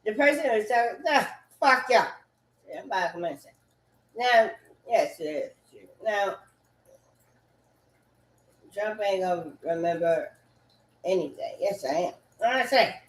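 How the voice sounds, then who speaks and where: A woman ranting in a loud, profane, repetitive way, swinging between loud bursts and low mutters. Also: lively intonation, slow pace, long pauses, slight background noise. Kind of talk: animated rant. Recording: echoey room.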